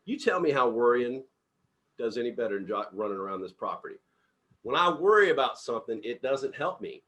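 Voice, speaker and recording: A man's voice: medium pitch, fairly quick. Upbeat middle-aged man telling stories. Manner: upbeat, animated storyteller who acts out dialogue. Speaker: company CEO leading a team meeting. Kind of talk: casual motivational talk with personal stories.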